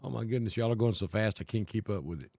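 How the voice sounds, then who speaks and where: A man from Alabama with a Southern accent tinged with north Georgia mountain talk, hosting a live weather stream in a folksy, unhurried way and greeting viewers by name. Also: lowish voice, gravelly, mellow, no echo, clean studio sound. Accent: Southern US, Alabama with north Georgia mountain mix. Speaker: weather livestream host.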